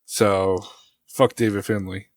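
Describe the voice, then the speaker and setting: A man's voice: fairly low pitch, level tone, slow pace, dry recording, studio quality. A man co-hosting a podcast in casual chat, blunt and crude in his jokes. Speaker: podcast co-host. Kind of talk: casual chat about wrestling.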